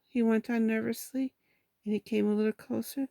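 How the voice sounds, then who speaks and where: A woman reading a children's storybook aloud in a steady, gentle way, with small slips. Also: on the high side, moderate pace, vocal fry, no room sound.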